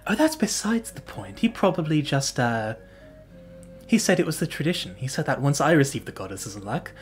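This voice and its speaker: A man's voice: on the high side, big pitch swings, moderate pace, faint music behind. A man voicing a boastful young male wandering musician who talks in a grandiose, theatrical way. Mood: flustered.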